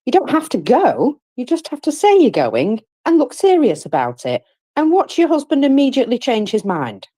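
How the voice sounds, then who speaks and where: Indignant woman, lively pitch. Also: moderate pace, dry recording. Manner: indignant, outspoken, wry. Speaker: participant in a live audio chat space. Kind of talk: heated casual chat.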